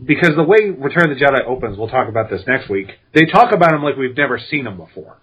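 A man with a breathy, middle-pitched voice weighs in on a film in a podcast chat. He talks in a measured, wry way. The sound is slightly dull and lo-fi. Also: big pitch swings, a bit bright. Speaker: podcast co-host. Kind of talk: casual film discussion podcast.

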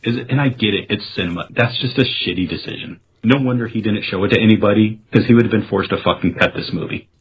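A man's voice: fairly low pitch, fast talker, hardly any pauses, breathy edge, dull audio. A man co-hosting a casual film review chat who speaks frankly and swears freely. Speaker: podcast co-host.

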